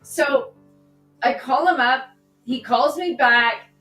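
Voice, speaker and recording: A woman, a political candidate on a podcast, talking through a personal story in an animated way and acting out the dialogue. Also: high voice, slow pace. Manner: animated, re-enacts dialogue in her stories. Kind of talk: conversational storytelling. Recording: echoey room, distant mic, faint music.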